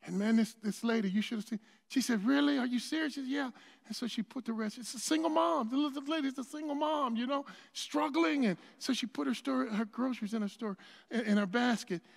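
A man preaching a sermon, telling a personal story in a loose conversational way and building to shouted peaks. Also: extremely high pitch, fairly quick, creaky. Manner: conversational storytelling with many restarts. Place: church sanctuary. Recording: long hall reverb.

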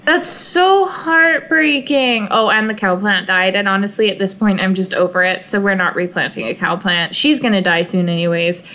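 A woman's voice: mid-range voice, moderate pace, few pauses, sharp tone, poor audio. A young woman giving casual, emotional commentary while playing a life-simulation game, often sighing over sad moments. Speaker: gaming video creator. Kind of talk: casual let's-play commentary.

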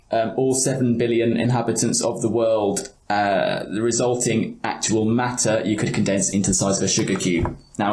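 A man's voice: lowish voice, darkish tone, echoey room, a little hiss or hum. A man on a podcast panel giving a short prepared science talk with a dry, wry manner.

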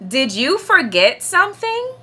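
A woman voicing a patient mother frog in a children's storybook read-aloud, calling out and gently scolding. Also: high voice, wildly swooping pitch, a little slow, pitched above the performer's own voice, full character voice.

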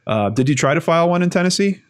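A man hosting an interview, speaking calmly and attentively with brief affirmations. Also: a little high, quick pace, slight background noise. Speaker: interview host. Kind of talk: casual interview conversation.

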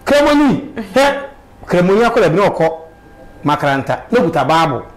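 Man, high voice, animated, emphatic exclamations, street interview. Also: a little fast, low-quality recording.

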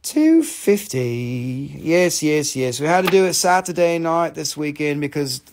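A man's voice: on the high side, fairly even intonation, normal speed, a little hiss or hum. A man hosting a live stream, selling crystals in casual, joking sales patter full of swearing. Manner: chatty, profane and joking.

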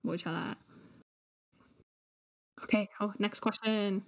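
A woman's voice: mid-range voice, fairly even intonation, slow. A woman hosting a live online quiz lesson, teasing and joking with players, switching between English and Cantonese with a Cantonese accent. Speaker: quiz host and teacher. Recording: music playing behind the voice.

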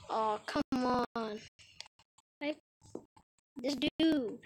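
A woman's voice: a little high, a little slow, long pauses, noisy background. A woman giving casual gameplay commentary for her video channel, playful and teasing. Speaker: YouTube gamer.

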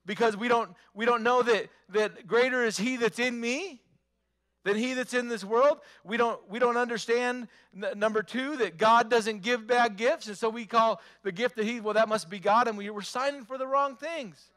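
A man's voice: very high voice, moderate pace, a bit bright. A male pastor preaching a sermon, emphatic, repeating phrases and asking the congregation rhetorical questions.

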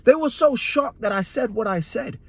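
A man's voice: very high voice, expressive, normal speed, husky, no echo. A man giving a fervent personal testimony, earnest and repeating phrases for emphasis. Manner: tells events as a dream story. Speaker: Christian testifier.

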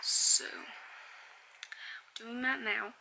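A woman's voice: on the high side, fairly even intonation, extremely slow, creaky, noisy background. A woman in her twenties, a young mother chatting casually to camera in a home vlog, sometimes slipping into sing-song baby talk. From United States. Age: 20s. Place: home indoors.

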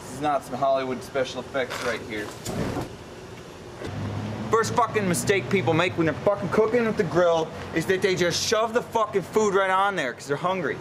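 A man's voice: high voice, animated, normal speed. Foul-mouthed young man, brash cooking rant. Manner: crude, swearing constantly, brash instructional rant. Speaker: cooking show host. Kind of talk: profane comedic cooking demo. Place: kitchen and backyard grill. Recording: echoey home video with background noise.

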